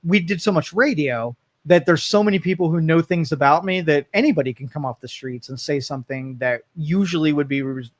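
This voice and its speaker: A man's voice: fairly high pitch, fairly quick, hardly any pauses. Man musing on a radio talk show.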